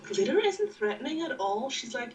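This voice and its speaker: A woman's voice: high voice, big pitch swings, moderate pace, low-quality recording. A woman co-hosting a casual podcast who is sick, teasing her co-host and giggling as she chats. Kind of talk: casual chat.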